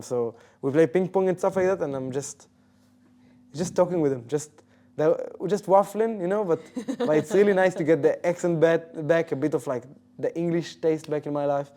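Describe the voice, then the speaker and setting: Easygoing man with a mellow voice. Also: a little high, fairly quick. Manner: easygoing, chatty, restarts sentences. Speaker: guest, professional esports player. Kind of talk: casual interview chat.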